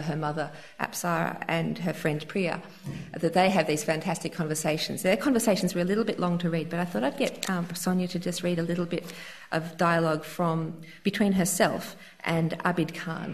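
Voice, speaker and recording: A lowish, gravelly woman's voice leading an onstage conversation with an author. She talks effusively and circles back on herself with restarts and fillers. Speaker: interviewer at a live author event.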